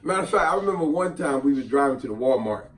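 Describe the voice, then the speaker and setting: A middle-aged man telling a casual story, animated and acting out the people in it. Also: mid-range voice, fast talker. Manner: animated, acts out voices in quotes. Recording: roomy and distant from the mic.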